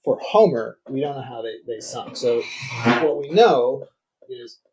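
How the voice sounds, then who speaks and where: A man's voice: mid-range voice, animated, measured pace, noisy background. A middle-aged man, a guest scholar, explaining ancient music in conversation, thinking aloud with frequent restarts. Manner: thinks aloud, restarts often, demonstrates on guitar.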